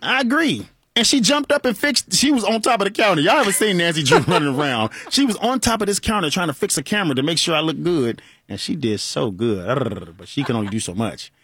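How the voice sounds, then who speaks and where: Talk host, man in his 40s, animated, slightly husky, dry close sound. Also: on the high side, brisk, hardly any pauses, no room sound. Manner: animated, joking, laughs often. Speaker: radio show host. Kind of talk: call-in talk show monologue.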